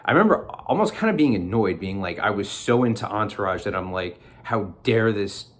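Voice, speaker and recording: Man vlogger, fairly low voice, rambly and excitable, laughs a lot, casual chat to camera. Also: quick pace. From New Jersey, US.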